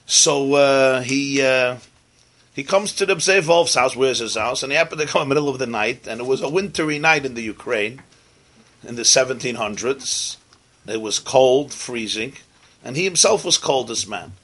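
Bright-voiced man telling a sermon story. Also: medium pitch, normal speed. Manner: animated storyteller, sprinkles Hebrew and Yiddish terms. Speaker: rabbi teaching.

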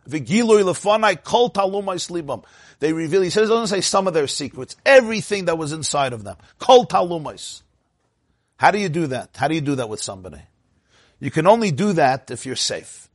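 A man teaching a Torah class in a lively, questioning way, dropping Hebrew and Yiddish terms as he goes. His voice sits a little high. The sound is dry and close, with no room echo.

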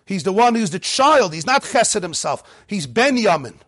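Male Torah teacher, high-pitched and animated, dry close sound, acts out little dialogues. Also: normal speed, no echo. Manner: mixes Hebrew text readings with English explanation. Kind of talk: lively Torah class lecture.

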